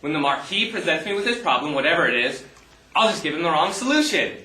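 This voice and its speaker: A man's voice: a little high, sing-song, fast, bright, forceful tone, far from the mic. A man playing a bored, scheming analyst. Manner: mock-formal, musing aloud, gleeful when plotting. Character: bored clever male analyst, scheming and smug. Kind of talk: amateur stage play acting. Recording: echoey hall.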